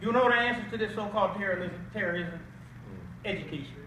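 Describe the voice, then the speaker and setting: Older male guest preacher with a very high voice, emphatic and questioning, recorded from afar in an echoey hall. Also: fast, background noise. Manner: emphatic call-and-response with rhetorical questions. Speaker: guest speaker. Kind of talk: Islamic preaching at an awards banquet. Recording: echoey hall audio from a distant mic.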